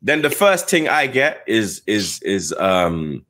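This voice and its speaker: A middle-aged man with a London accent, hosting a casual chat and telling animated stories full of slang. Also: on the low side, slow pace. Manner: animated storytelling with slang tags. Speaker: host.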